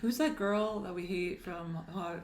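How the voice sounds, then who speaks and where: A woman's voice: lowish voice, measured pace. A young woman co-hosting a podcast, chatting casually and reacting with short replies and jokes. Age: young adult. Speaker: podcast co-host. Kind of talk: casual chat. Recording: echoey room.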